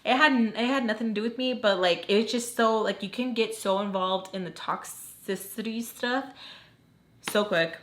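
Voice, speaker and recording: A woman's voice: a little high, normal speed, fairly bright tone, slight background noise. A young woman vlogger telling a personal story in a casual, chatty way, full of "like" and acted-out quotes, while doing her makeup. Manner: chatty, heavy use of "like", acts out quoted lines.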